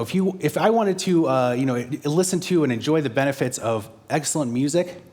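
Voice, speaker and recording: A man's voice: mid-range voice, a little mellow. A male guest pastor delivers a sermon in a mid-range voice. He talks conversationally and often stops to correct himself. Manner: conversational, with frequent fillers and self-corrections.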